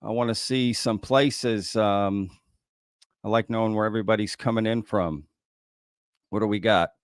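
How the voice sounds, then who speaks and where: A man's voice: lowish voice, steady tone, moderate pace, dry recording, clean studio sound. A man hosting a live stream, chatting casually and greeting viewers in a drawling way. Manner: casual, drawling, says y'all a lot. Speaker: host.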